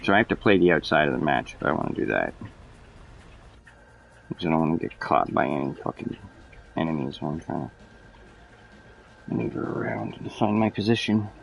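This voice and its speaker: Low, gravelly male streamer, loose profane play-by-play. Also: animated, a little fast, pauses often, dull audio, faint music behind. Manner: rambling, profane, explains as he plays. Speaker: gameplay streamer. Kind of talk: casual gameplay commentary.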